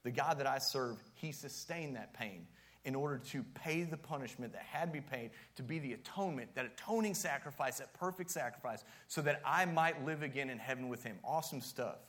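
Man, youth pastor, sermon, casual, jokey, builds to loud emphatic peaks, middle pitch. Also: fairly quick. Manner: casual and joking, with strong emphatic rises.

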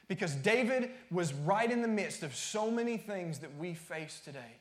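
Male pastor, high pitch, emphatic repetitive sermon delivery, roomy echo. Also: animated, normal speed, hardly any pauses. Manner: emphatic preaching, repeats phrases, drops to near-whispers.

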